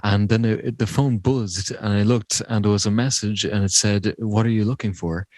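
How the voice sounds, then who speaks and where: A man in his thirties from Ireland co-hosting a podcast, telling an anecdote in a relaxed, halting way. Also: on the low side, dry recording. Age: 30s. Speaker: podcast co-host. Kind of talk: casual chat.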